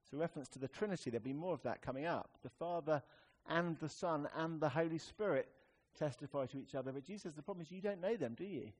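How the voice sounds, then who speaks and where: A man preaching a sermon in a conversational, wry way, swinging between emphatic rises and quiet, serious drops. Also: fairly high pitch, fast talker, few pauses, breathy edge.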